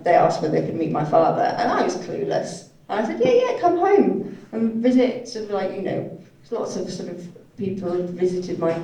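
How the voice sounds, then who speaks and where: A woman with a lowish, mellow voice interprets a signed conference talk aloud. She halts and hedges, leaning on "sort of" and "you know". The mic sits far from her in a big hall with heavy echo. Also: gravelly. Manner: halting, hedging with frequent "sort of" and "you know". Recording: echoey hall from a distant mic.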